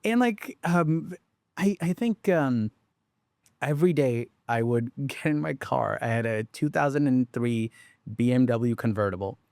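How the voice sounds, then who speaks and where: A man's voice: medium pitch, measured pace, vocal fry, no echo. Man rambling through a story, dry sound. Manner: rambling animated storytelling with many fillers and restarts; swears casually. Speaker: startup founder. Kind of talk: casual conversation.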